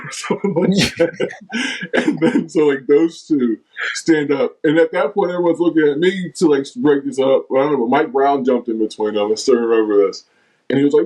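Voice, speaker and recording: A man's voice: medium pitch, a little fast, rough recording. A middle-aged man, a former basketball player, telling stories as a guest in a casual interview and acting out what others said. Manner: animated storyteller, acts out teammates' lines.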